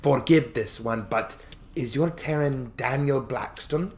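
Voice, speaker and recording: A man voicing an earnest female orc envoy who speaks slow, halting, broken English with a thick accent. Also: medium pitch, very animated, pushed and bright, a little hiss or hum, pitched above the performer's own voice. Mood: formal, earnest.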